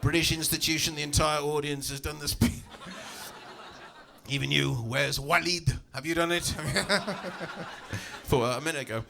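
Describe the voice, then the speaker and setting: A man performing a stand-up comedy set in a comedy club, telling stories in a lively, exasperated way with asides to the crowd. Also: fairly high pitch, measured pace, gravelly, pauses often, noisy background.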